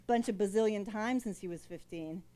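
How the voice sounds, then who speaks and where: A woman's voice: mid-range voice, a little fast, warm tone. A woman hosting a casual talk show, bubbly and playfully crude, laughing often as she chats with her guest. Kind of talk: casual interview chat.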